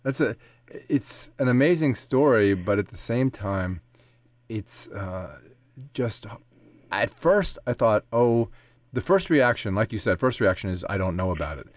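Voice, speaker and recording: Thoughtful low-voiced American male host. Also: expressive, measured pace, no echo. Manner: thoughtful, reflective, fluent. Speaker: interview host. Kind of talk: interview conversation.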